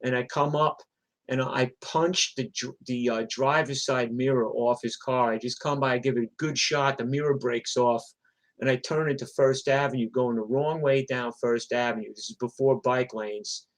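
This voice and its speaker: A man telling stories live in an animated, profane, punchy way. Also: mid-range voice, normal speed. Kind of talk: live storytelling, casual.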